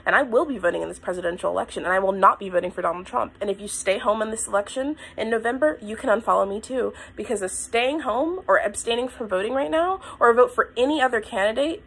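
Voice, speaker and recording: A woman talking to her own camera, her voice sitting a touch high. She is blunt and impassioned, pleading with her viewers and near tears, over a faint bed of background noise. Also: fast talker, vocal fry, few pauses, fairly bright tone. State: tearful, crying. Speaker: vlogger. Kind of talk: emotional talk to camera. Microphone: phone or camera mic.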